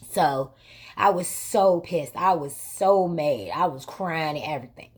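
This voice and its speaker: A woman with a slightly low voice recounts a story to camera in a casual, colloquial way. She leans on repetition and emphasis, and she slips easily into the voices of the people in her story. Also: measured pace, husky. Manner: emphatic, repetitive retelling with lively quoted exchanges; colloquial, vernacular grammar. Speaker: vlog host.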